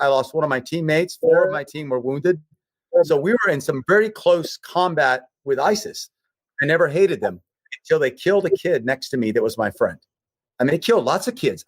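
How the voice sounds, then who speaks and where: A man's voice: a little high, no room sound. A man on a remote call, telling personal stories earnestly with repeated emphatic phrases. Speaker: guest, humanitarian relief leader. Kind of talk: emotional personal storytelling.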